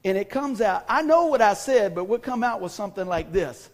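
Delivering a sermon built around a comic personal story, a pastor plays out the scenes and quizzes his congregation in a church hall, then moves on to scripture. He speaks fairly quickly in a high-pitched voice.

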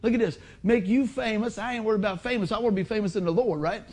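A middle-aged man preaching a sermon in a folksy, animated way, acting out other people's voices. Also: high-pitched, quick pace, breathy edge. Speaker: pastor.

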